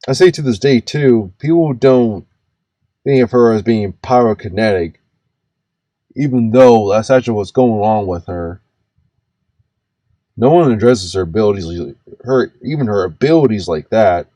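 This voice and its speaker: A man in his twenties hosts reaction commentary on a video, ranting, stammering, restarting his words and swearing freely. His voice is on the low side and warm, in a dry recording.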